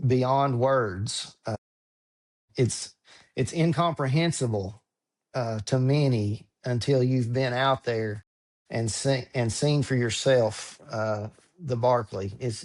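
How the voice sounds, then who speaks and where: A man of middling pitch talks in a casual interview, earnest and a little halting. He repeats words and restarts as he gropes for the right phrasing. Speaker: podcast guest, ultrarunner.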